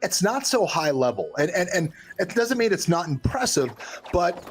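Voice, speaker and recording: A man analysing a fight as a co-host, thinking aloud in a halting way. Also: high-pitched, big pitch swings, a little hiss or hum. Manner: thoughtful, halting with restarts. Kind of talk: sports analysis chat.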